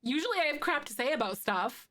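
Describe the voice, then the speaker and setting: Excitable chatty woman streamer. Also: high-pitched, fast. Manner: excitable, chatty, self-described loudmouth. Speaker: live streamer. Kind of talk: casual live-stream chat.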